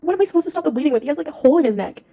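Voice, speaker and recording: A woman playing a panicked wife on an emergency call in a comedy skit. Her voice sits high and mellow, frantic and exasperated as she pleads for help. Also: lively intonation, racing, creaky. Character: panicking wife of a dying man. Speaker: skit actor.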